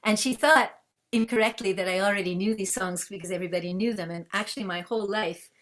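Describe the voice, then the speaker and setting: A woman from Canada tells stories in an easy conversational flow, bringing anecdotes to life by acting out the dialogue. Her voice sits at a middle pitch, and it comes across the plain sound of a video call. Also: fast talker. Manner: lively, acts out dialogue in anecdotes. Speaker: guest, musician and researcher. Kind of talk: conversational storytelling.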